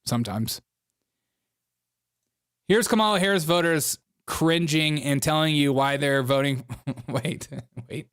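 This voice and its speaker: A man's voice: a little high, a little slow, long pauses, a bit bright, clear, resonant tone, no room sound, clean studio sound. A man hosting a casual political reaction show, sarcastic and often laughing between remarks. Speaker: host of a political commentary show.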